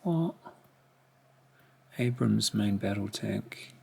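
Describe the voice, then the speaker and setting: A middle-aged man unboxing a collection, musing quietly, half to himself, in a room at home. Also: fairly low pitch, animated, extremely slow, creaky, breathy edge. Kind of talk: casual unboxing commentary. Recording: rustling packaging noise behind.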